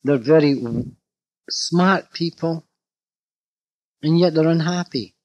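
A man giving a storytelling lecture to therapists, animated and anecdotal, acting out bits of dialogue. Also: a little high, slow pace, dry recording. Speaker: speaker addressing therapists. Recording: dull lo-fi recording.

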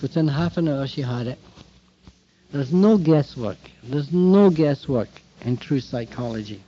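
A man giving a talk to therapists, telling anecdotes in an animated way and acting out bits of dialogue. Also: on the high side, breathy edge. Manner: animated anecdotal storytelling, acts out quoted dialogue. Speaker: speaker addressing therapists. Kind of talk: storytelling lecture. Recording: dull lo-fi recording.

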